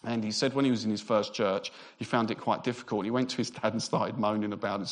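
A man preaching a Christmas sermon as pastor, emphatic and repetitive, with relaxed humorous asides. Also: lowish voice, quick pace, few pauses. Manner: emphatic, repeats phrases for effect; conversational asides with light humour.

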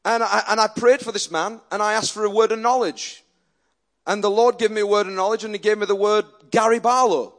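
A male preacher delivering a sermon, telling stories and quoting people, animated and often repeating words. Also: high voice, brisk. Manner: animated, repeats words when excited, quotes others in his stories. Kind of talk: sermon with storytelling.

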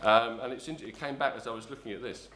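A middle-aged man from south-east London preaches fast in a medium-pitched, bright and forceful voice, telling a rambling personal story. He says um a lot, restarts and corrects himself. The sound is reverberant.

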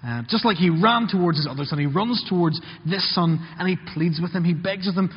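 A man's voice: sits high, fairly quick, hardly any pauses, slightly rough. A man giving an earnest sermon, acting out the words of story characters. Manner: earnest, acts out characters' lines in quotes. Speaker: preacher. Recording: muffled, with long hall reverb.

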